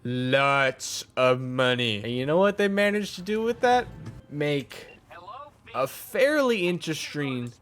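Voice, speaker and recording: Slow, wry man commenting on gameplay. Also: fairly high pitch, lively intonation, a bit bright. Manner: sarcastic, wry running commentary. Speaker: gaming channel host.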